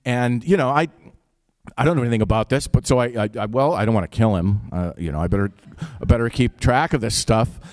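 A man's voice: mid-range voice, fairly quick, a little mellow, no room sound. A man with an Upper Midwest accent telling a personal story live, in a casual, wry, profane way.

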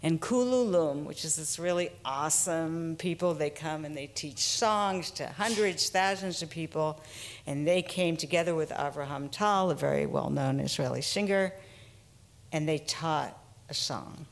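Lively storytelling woman therapist. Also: low-pitched, a little slow, creaky. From United States. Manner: animated, casual, acts out quotes. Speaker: trauma therapist giving a talk. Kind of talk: storytelling presentation.

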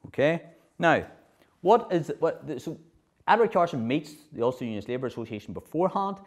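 A middle-aged man giving a history lecture, lively, often checking in with his audience. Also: on the high side, a little fast. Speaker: speaker at a political history festival.

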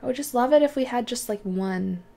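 A woman's voice: on the high side, fairly quick, creaky, mellow. A woman hosting a let's play, chatting casually through her gameplay, often exclaiming and talking to the characters on screen.

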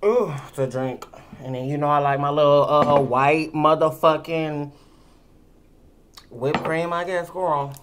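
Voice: medium pitch, fairly even intonation, slow, a bit bright, slight background noise. A tipsy vlogger chatting casually at home while eating, sassy, rambling and full of swearing, talking to the camera. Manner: sassy, profane and rambling, calls listeners girl. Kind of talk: casual eating-show chat. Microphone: camera mic.

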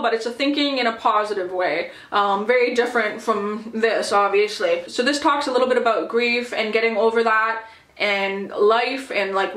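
A woman's voice: on the high side, a bit bright. A young woman gushing over books in a casual review vlog, chatty and full of fillers. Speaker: book vlogger. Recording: echoey room.

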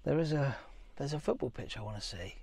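A man's voice: mid-range voice, animated, fairly quick, gravelly, a little mellow, breathy edge. A man chatting casually while vlogging a motorhome trip, rambling with fillers as he explains things from a ferry queue. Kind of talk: casual travel chat.

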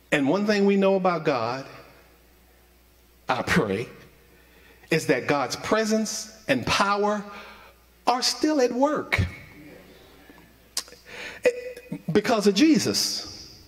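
A man delivers a sermon at a measured, unhurried pace, driving points home by repeating them. His voice sits fairly high, and a long reverb rolls through the sanctuary behind it. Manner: preaching with emphatic repetition. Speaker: associate minister. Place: church sanctuary.

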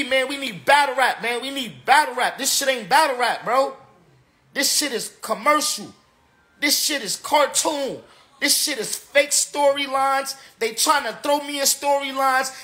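A man's voice: extremely high pitch, bright, forceful tone. Tipsy man ranting on a livestream. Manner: emphatic and repetitive, slangy. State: tipsy from drinking. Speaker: battle rapper. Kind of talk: casual livestream rant.

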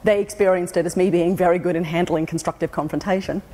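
A woman's voice: lowish voice, fairly even intonation, fast talker, warm tone, slight background noise. An Australian woman gives a funny keynote on a conference stage. She tells wry anecdotes and pops into other people's voices as she goes, and her voice carries with a long echo through a large hall. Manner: wry storytelling, acting out quoted voices. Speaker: keynote speaker. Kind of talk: humorous conference talk.

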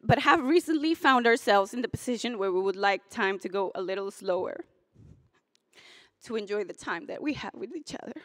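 A woman's voice: medium pitch, lively intonation, fairly quick, no echo, studio quality. A young woman in her twenties, a graduating student, giving a commencement speech and moving between heartfelt, tearful moments and playful jokes. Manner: emotional, chokes up and laughs through tears, then jokes with the crowd. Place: hotel ballroom.

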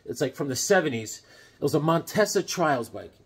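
Lively middle-aged man telling stories. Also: a little high, brisk. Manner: rambling, jokey, animated, acts out voices. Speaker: comic book collector host. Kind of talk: casual storytelling vlog.

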